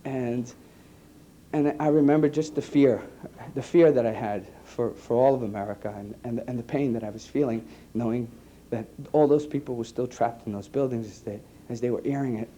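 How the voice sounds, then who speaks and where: A man, an EMT giving an earnest personal testimony to an audience, halting and repeating his words. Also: medium pitch, mellow, a little hiss or hum. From New York. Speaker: EMT speaking to a conference.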